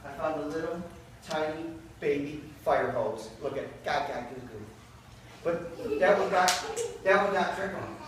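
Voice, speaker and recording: A man performing a magic show for children, telling a lively story and often calling the kids "you guys," recorded indoors at a daycare center by a distant camera. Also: sits high. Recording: very echoey room, from far off, noisy.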